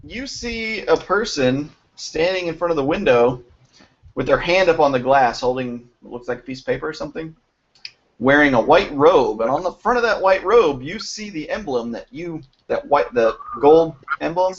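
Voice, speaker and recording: A man's voice: a little high, lively intonation. A man running a tabletop game as game master, patiently explaining rules and narrating scenes. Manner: instructive, patient, a bit halting. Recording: dull lo-fi audio with faint hiss.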